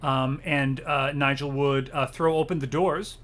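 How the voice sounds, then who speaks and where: A man's voice: medium pitch, fairly even intonation, measured pace, fairly bright tone. A man narrating a tabletop game as game master, hesitant with many ums and uhs.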